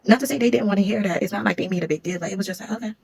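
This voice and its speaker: A woman tells a story in a casual, blunt way, leaning hard on key points. Her voice is husky and mid-pitched. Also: rapid-fire, a little mellow, poor audio. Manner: blunt, emphatic, conversational.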